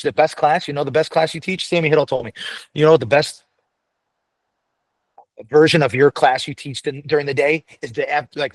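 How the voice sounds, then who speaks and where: The recording has no echo, and the man's pitch is fairly high. He's a firefighter paramedic from the United States on a casual podcast interview, speaking bluntly, swearing, and rambling through many restarts.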